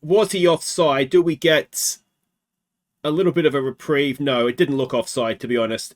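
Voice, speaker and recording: An Australian man hosting a let's play, chatting through a football management game and asking himself rhetorical questions. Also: mid-range voice. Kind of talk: game commentary.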